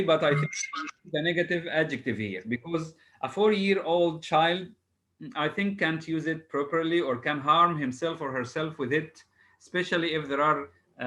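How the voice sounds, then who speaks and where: Bright-voiced patient male teacher. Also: fairly high pitch, poor audio. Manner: patient, spells words out letter by letter, frequent hesitations. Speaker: English teacher. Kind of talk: online class drilling exam word formation.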